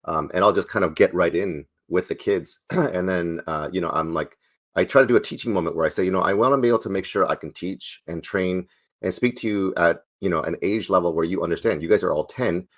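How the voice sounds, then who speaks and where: A sales trainer and former pastor in his forties answers interview questions playfully and with lots of energy. His voice sits low and moves fairly quickly.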